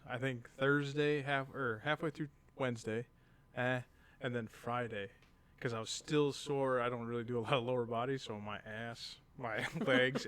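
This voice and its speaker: A man's voice: medium pitch, smooth. A man in his thirties, a podcast co-host, telling a casual story and acting out what people said. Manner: animated storyteller acting out quotes. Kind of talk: casual chat.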